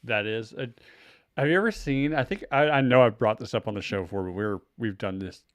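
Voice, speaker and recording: A man's voice: on the low side, a little fast, no room sound. A man in his thirties hosting a podcast from home, talking in a loose, rambling way, restarting his sentences and swearing casually. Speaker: podcast host. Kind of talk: casual chat. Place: home room.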